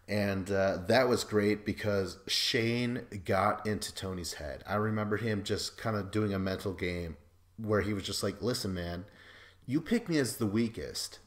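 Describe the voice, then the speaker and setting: A young man with a somewhat low voice hosts a podcast in a loose, rambling monologue. He swears freely and slips into mocking impressions of the people he talks about. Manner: profane, rambling, acts out quotes in mocking voices. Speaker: podcast host. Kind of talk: casual recap monologue.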